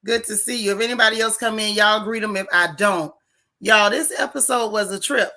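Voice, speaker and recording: A woman's voice: medium pitch, a little fast, pushed and bright. A woman hosting a casual live stream, chatting sassily with viewers about a reality show. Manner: sassy, chatty, greets viewers. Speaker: host.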